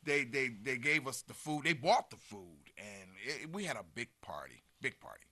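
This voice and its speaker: A man's voice: mid-range voice, expressive, normal speed, pushed and bright. A man in his fifties chatting as a guest, telling earnest community stories with many fillers. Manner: earnest, storytelling, trails off into fillers. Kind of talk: casual chat.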